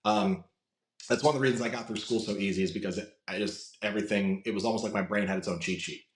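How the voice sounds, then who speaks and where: Guest voice actor, low-pitched man, chatty and rambling, roomy echo. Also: quick pace. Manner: chatty, many fillers and restarts. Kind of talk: casual podcast chat.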